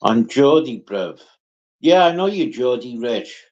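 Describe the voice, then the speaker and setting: A man talks to his viewers on a casual livestream at an unhurried, drawn-out pace, swearing freely as he answers them one by one. The sound is dull and lo-fi, as if caught on a phone. His pitch sits at an ordinary middle height. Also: lively intonation, darkish tone. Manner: slow, sweary, chatty, answering comments by name. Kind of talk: casual live chat.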